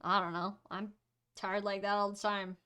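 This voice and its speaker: A woman voicing an exhausted young man in a tabletop role-play game, in a flat, shrugging, offhand way. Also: mid-range voice, moderate pace, clean tone, close to an everyday voice.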